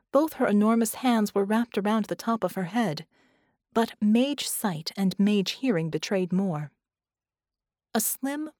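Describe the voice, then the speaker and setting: A woman narrating an audiobook in a calm, measured voice of middle pitch. She reads slowly, and the recording is dry and close, with no room sound. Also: dry recording. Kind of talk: scripted narration.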